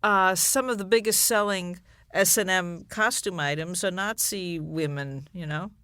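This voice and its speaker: A New woman chats as a guest, wry and frank. Her voice is bright and clear, and it sounds dry and close, with no room around it. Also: fairly low pitch, unhurried, no echo. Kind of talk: casual chat.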